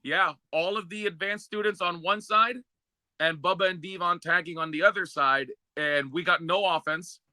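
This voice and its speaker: A man with a very bright, cutting voice tells stories with gusto and puts on voices for the people in them. His voice sits a bit high for a man, and the sound is close and completely dry. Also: moderate pace, dry recording. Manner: lively storyteller, acts out the other people in his stories. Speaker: co-host, former wrestler. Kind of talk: casual podcast chat.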